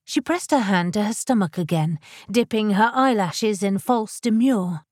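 A woman reading a historical romance novel as a measured, even narrator. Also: mid-range voice, husky, dry recording, clean studio sound. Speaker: audiobook narrator. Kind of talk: scripted narration.

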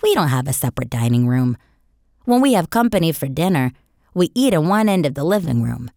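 A woman reads a children's story aloud in the first person, voicing a young boy telling his own tale. Her voice sits on the lower side but moves with animated, lively rises and falls. The sound is close and dry, with no room around it. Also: brisk, no echo. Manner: expressive storytelling. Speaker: audiobook narrator.

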